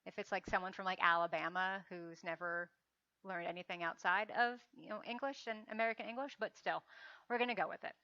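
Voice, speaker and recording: A woman's voice: medium pitch, steady tone, a little fast, bright, forceful tone, no echo, dull audio. A woman co-hosting a casual book podcast, chatty and self-deprecating, laughing often. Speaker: podcast co-host and novelist. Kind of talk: casual chat.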